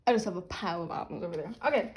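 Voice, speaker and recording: A young woman filming an unboxing vlog, talking loudly and dramatically, laughing and half-crying over what she gets. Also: lowish voice, expressive, rapid-fire, slight background noise. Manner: loud, chaotic, dramatic reactions with laughing and fake crying. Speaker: vlogger unboxing albums.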